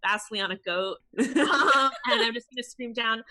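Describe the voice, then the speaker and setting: A woman playing a tabletop game, excitable and quick to laugh. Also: fairly high pitch. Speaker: player.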